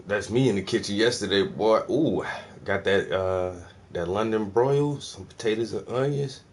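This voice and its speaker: A man's voice: lowish voice, normal speed, a little mellow, a little hiss or hum. A man from South Carolina chatting casually for his vlog at home, loose and profane, laughing often. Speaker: vlogger. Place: indoors at home.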